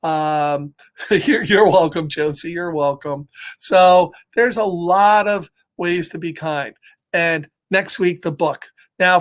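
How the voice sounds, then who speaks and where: A man hosting a children's story time online, reading a picture book aloud with animated, chatty, laughing delivery. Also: high voice.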